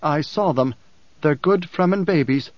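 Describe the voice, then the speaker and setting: A loyal male desert warrior, plain-spoken and respectful, as a man reads him aloud. The voice is a touch high for a man. The recording is dry and a bit muffled. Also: measured pace, no room sound, close to an everyday voice. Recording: dull, dry audiobook sound.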